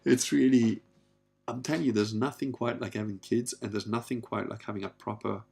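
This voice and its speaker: Gravelly, husky man in his fifties. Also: on the low side, steady tone, fairly quick, darkish tone. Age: 50s. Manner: candid, rambling, blunt with swearing. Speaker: podcast host. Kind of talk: casual personal monologue.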